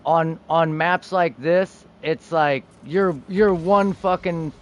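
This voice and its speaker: A young man chats casually while streaming a game, laid-back, swearing now and then and trailing off mid-sentence. His voice is fairly high with fairly even intonation and a slow pace.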